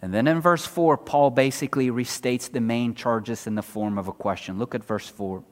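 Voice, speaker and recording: A man preaching a sermon verse by verse, swinging from loud emphasis down to low, quiet drops, with sarcastic rhetorical questions. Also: steady tone, moderate pace, in a large hall. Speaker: pastor.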